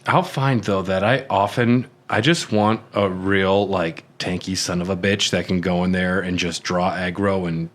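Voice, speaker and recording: On a casual gaming podcast, this relaxed co-host reads item descriptions, then riffs loosely on them with the odd curse. His voice is low, his pace measured, with few pauses.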